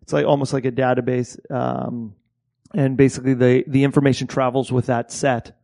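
Gravelly Canadian-born man, halting speech. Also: medium pitch, level tone, warm tone. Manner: halting, many restarts and swearing. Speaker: assistant director. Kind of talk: casual podcast conversation.

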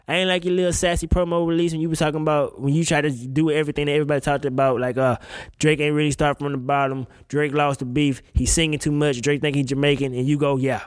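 A man hosting a casual talk show, ranting in an emphatic, profane, slang-heavy way. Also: fairly high pitch. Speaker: podcast host. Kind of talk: casual opinion rant.

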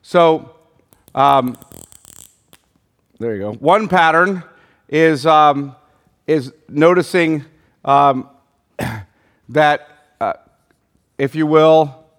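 A man's voice: on the high side, drawn-out words, long pauses, a bit bright. Man teaching a Bible class. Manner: thinking aloud, many ums and restarts, quizzing the group. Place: room with a group of listeners.

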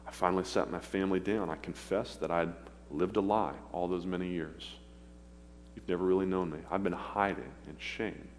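A man preaching a sermon, earnest and pleading, with pauses as he speaks of his own past. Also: low voice, fairly even intonation. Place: church sanctuary. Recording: long hall reverb, faint hum.

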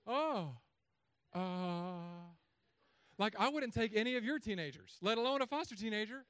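Pastor in his thirties, animated storyteller, fairly high voice, dry close sound. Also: measured pace, clear, resonant tone, no echo. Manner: animated storytelling with sudden loud, high bursts. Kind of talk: sermon.

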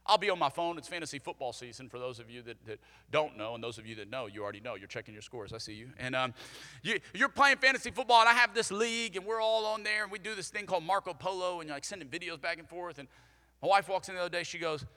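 A young man preaching a sermon, energetic and conversational, leading the congregation to repeat after him. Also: a little high, fast, long reverb tail. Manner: energetic, conversational, leads call-and-response. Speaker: pastor.

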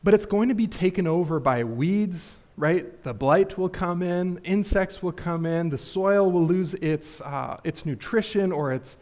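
Casual, chatty male preacher, higher voice. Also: unhurried, hardly any pauses, darkish tone. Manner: casual, filler-heavy, asks rhetorical questions. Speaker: pastor. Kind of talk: conversational sermon.

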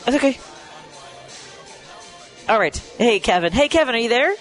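Chatty, high-voiced male radio host. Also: lively intonation, moderate pace, a bit bright, faint music behind, poor audio. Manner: chatty, laughing often, self-correcting. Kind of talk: live radio call-in banter. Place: live broadcast from a restaurant.

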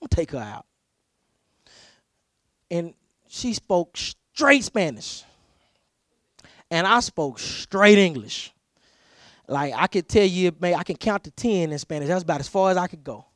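A man's voice: high voice, measured pace, dry recording, studio quality. A pastor preaching a conversational sermon, telling personal stories, often repeating words as he restarts his sentences and acting out the people he quotes. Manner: animated storyteller who repeats words as he restarts; acts out quoted voices loudly.

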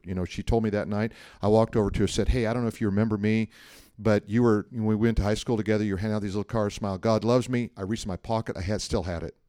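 A middle-aged male pastor telling a personal story in a sermon, animated and joking, often checking in with the listeners. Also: lowish voice, no room sound, clean studio sound. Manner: animated storytelling, jokey asides, frequent "right?".

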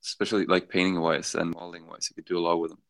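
A man's voice: low-pitched, flat delivery, rapid-fire. A man, co-hosting a casual podcast chat and mostly giving brief replies. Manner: brief replies, short agreements. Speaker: podcast co-host.

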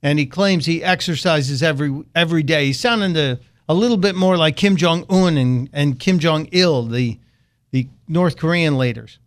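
A man's voice: on the high side, moderate pace. A man hosting a political talk radio show, delivering a sarcastic, mocking monologue.

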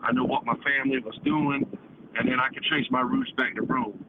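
A man's voice: medium pitch, fairly even intonation, fairly quick. A man calling in to a talk show, rambling and profane, ending nearly every phrase with "man". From United States. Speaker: caller. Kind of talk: casual call-in chat. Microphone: phone call. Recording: tinny phone line with noise.

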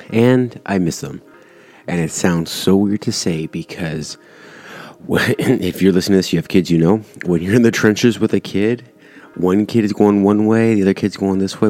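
A man's voice: deep voice, darkish tone. A man hosting his own podcast, talking casually and rambling with frequent ums and self-corrections. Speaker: podcast host. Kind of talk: casual solo podcast monologue.

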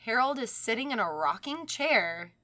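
A young woman casually telling a haunted doll story on a podcast, animated and swearing, often laughing. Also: on the high side, normal speed.

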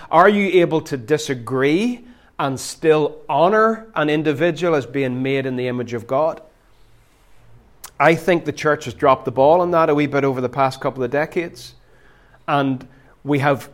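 A middle-aged man preaching a sermon as pastor, animated and emphatic, sometimes laughing. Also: on the high side.

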